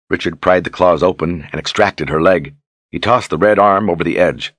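A man reading a fantasy novel aloud in steady, measured scripted narration. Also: sits low, no echo. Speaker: audiobook narrator.

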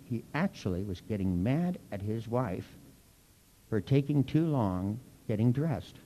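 Gravelly lively man leading a workshop. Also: medium pitch, rough recording. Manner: playful, teasing with mock threats. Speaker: workshop leader. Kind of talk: live workshop teaching.

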